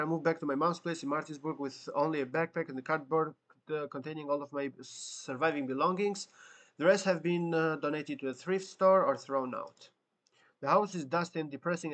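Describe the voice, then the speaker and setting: A man's voice: a little high, fairly bright tone. A man reading a text game aloud as a YouTube gamer, with occasional stumbles and self-corrections.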